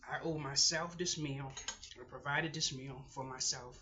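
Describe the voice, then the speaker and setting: A middle-aged woman keeping a personal video diary, talking to herself in a halting voice that often sinks to a whisper while she holds back tears. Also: very deep voice, steady tone, pushed and bright, highs cut off, slight background noise. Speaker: vlogger.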